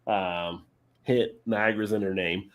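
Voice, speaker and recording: A man's voice: on the low side, fairly even intonation, unhurried. A man in casual chat on a live stream, telling rambling beer-trip stories and laughing often. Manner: rambling anecdotes with frequent laughter.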